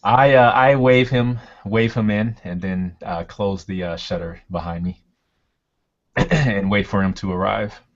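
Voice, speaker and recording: A man playing a tabletop game, describing his character's actions in the first person with a drawn-out, musing delivery. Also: on the low side. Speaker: player. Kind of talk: first-person role-play narration. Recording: dull lo-fi recording.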